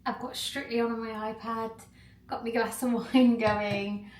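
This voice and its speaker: A young woman chatting casually in a vlog, giggly and quick to get excited. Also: on the high side, roomy sound, a little hiss or hum. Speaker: vlogger and personal trainer.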